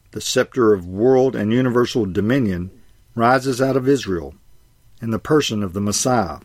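A man with a lowish voice reads a sermon in a measured way. He slows down to stress key phrases and marks each quotation aloud. The sound is dry and close. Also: a little mellow, dry recording. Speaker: preacher. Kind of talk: scripted sermon reading.

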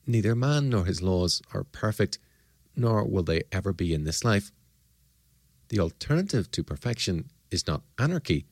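Deep, lively emphatic man, dry sound. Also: dry recording. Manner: measured, emphatic, rhetorical questions. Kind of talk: formal lecture on liberty and law.

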